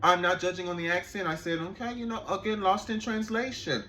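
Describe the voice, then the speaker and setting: A man, an animator, telling a story in a casual, animated vlog, laughing and swearing as he goes. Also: sits high, brisk, a little hiss or hum.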